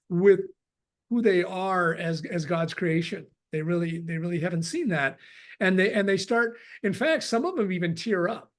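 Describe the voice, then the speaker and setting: A man chatting on a video call webinar, rambling with restarts and acting out quoted dialogue. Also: high-pitched. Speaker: webinar participant. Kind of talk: casual chat.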